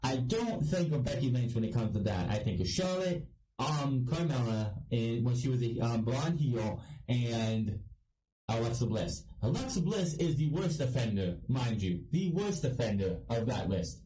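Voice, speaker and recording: A blunt man from Ohio rants through a casual wrestling review in a mellow, dark-toned voice. He sounds set back from the mic in an echoey room, with faint noise underneath. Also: medium pitch, expressive, moderate pace, distant mic. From Ohio, United States. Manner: blunt, ranting, swears freely.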